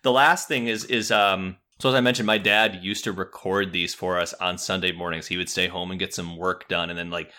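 A man's voice: deep voice, steady tone, fairly quick, few pauses, pushed and bright. A man in his thirties hosting a podcast, chatting casually and rambling with lots of fillers. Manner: rambling, many fillers and restarts. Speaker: podcast host. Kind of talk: casual chat.

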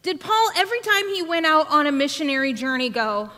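A woman preacher telling a story from the pulpit, her high, bright voice ringing through a reverberant church hall. She talks animatedly and slips into her children's whiny voices as she goes. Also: sing-song, fairly quick. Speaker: podcast host and preacher. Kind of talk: sermon with storytelling. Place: church sanctuary.

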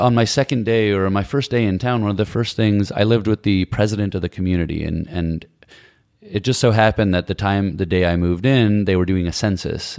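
Deep gravelly man telling a reflective story. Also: a little mellow, no room sound, studio quality. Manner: reflective, meandering, many restarts. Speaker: guest recalling Peace Corps service. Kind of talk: casual conversational storytelling.

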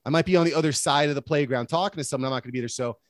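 A podcast guest in his late thirties tells stories in a relaxed chat, easygoing and full of fillers. His voice is a little high and he talks at a racing pace.

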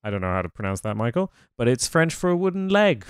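A man's voice: medium pitch, big pitch swings, fast talker, smooth, no room sound. A man co-hosting a history podcast, sharing research in casual chat with dry jokes and the occasional swear. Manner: dry, joking, sweary asides. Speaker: podcast co-host.

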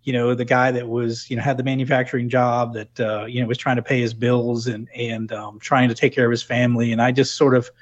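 A middle-aged man from New England talks through his working life in a relaxed, reflective interview, circling back on his phrases with restarts and "you know" fillers. His voice sits at an ordinary pitch, and the recording sounds a little muffled and lo-fi. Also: a little fast, few pauses. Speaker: guest, former corporate plant manager. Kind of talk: conversational interview.

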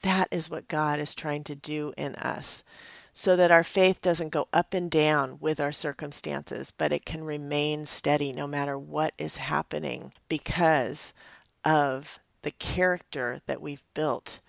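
Woman with a low voice doing a devotional talk, earnest, chatty, dry close sound. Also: steady tone, a little slow, creaky, no room sound. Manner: earnest, reflective, conversational. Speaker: pastor. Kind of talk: devotional teaching.

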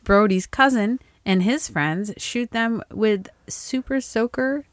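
A woman's voice: on the high side, slow pace, dry recording. An American woman co-hosting a podcast, matter-of-fact and teasing in casual chat. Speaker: podcast co-host.

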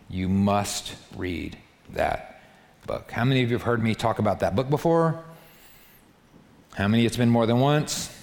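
A man's voice: lowish voice, gravelly, a little hiss or hum. A man preaching a sermon to a live congregation, talking straight to them in an emphatic, repetitive way. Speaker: pastor. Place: large hall before a live congregation. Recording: long hall reverb.

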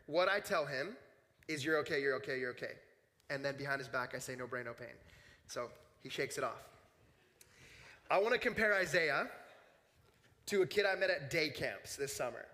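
Bright-voiced pastor preaching in a hall. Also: male voice, on the high side. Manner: casual, storytelling, acts out voices in quotes. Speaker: young adults pastor. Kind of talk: sermon with personal stories. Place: church hall. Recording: long hall reverb.

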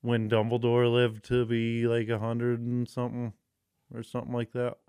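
A man co-hosting a podcast, chatting casually in a rambling, profane, excitable way. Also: medium pitch, moderate pace, clear, resonant tone, no room sound, studio quality. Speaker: podcast co-host. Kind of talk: casual chat.

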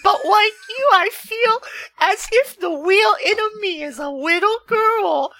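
A woman's voice: very high-pitched, lively intonation, unhurried, bright, forceful tone, raised voice. A woman co-hosting a comedy podcast, reading forum posts aloud in a giggly, mock-solemn way. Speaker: podcast co-host.

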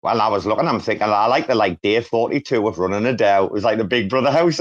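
A man's voice: on the low side, animated, fast, few pauses. A British man co-hosting a casual online chat, joking, teasing and swearing a lot. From Britain. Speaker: co-host. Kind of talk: casual banter on an audio chat space. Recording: dull lo-fi audio.

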